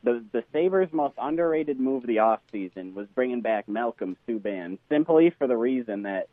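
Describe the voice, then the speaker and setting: A man at a middle pitch trades sarcastic jabs as a sports radio co-host. His voice comes through a tinny, phone-like line with a dry sound. He teases rival fans with relish. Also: expressive, normal speed, no echo. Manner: teasing, sarcastic. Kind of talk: casual sports radio banter.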